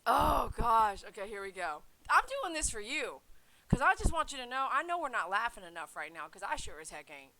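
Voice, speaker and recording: Casual woman vlogger, high lively voice, slangy banter on a headset mic. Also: brisk, low-quality recording. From United States. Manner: animated, laughing, slangy with "man" fillers. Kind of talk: casual vlog chat.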